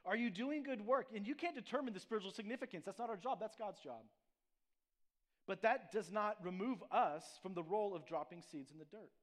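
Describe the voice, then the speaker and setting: A man's voice: high-pitched, fairly quick. A man preaching a sermon as a church pastor, in a conversational manner with frequent asides and restarts.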